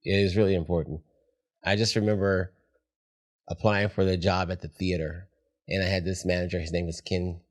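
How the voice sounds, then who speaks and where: A man's voice: low voice, level tone, moderate pace. A middle-aged man, a podcast guest, talking candidly in a reflective, heartfelt way. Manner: reflective, heartfelt, soft-spoken at times.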